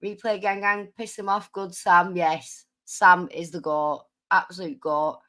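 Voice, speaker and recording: A woman's voice: on the low side, little pitch movement, unhurried, pushed and bright. Sarcastic woman streamer, swears a lot, reads out chat names. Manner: combative, sarcastic, reads super chats. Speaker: livestream host. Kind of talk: livestream commentary.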